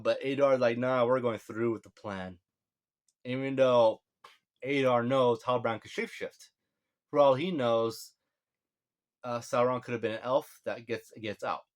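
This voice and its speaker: A man recapping a show episode in casual, sarcastic speech, mocking the plot and quoting characters in quick offhand voices. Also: medium pitch. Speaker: video reviewer.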